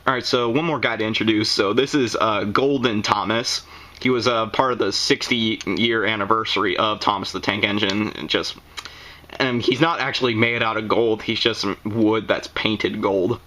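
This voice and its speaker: A man's voice: lowish voice, steady tone, normal speed, pushed and bright, poor audio. A young man hosting a casual video, rambling through his review with lots of fillers and restarts. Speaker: video host. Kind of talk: casual toy show-and-tell review.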